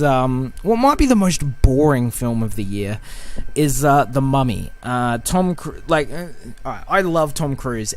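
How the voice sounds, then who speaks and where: A man hosting a casual film podcast, rambling through heated, profane rants. His talk is full of fillers and false starts, and he sits at a middling pitch. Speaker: podcast host. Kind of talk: casual film-review rant.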